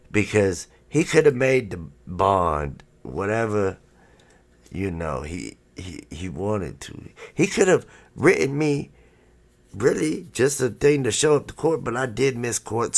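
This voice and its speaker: A man's voice: on the low side, creaky. A man hosting a livestream, telling a story in a casual, rambling way, full of swearing and "you know what I'm saying". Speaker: livestream host.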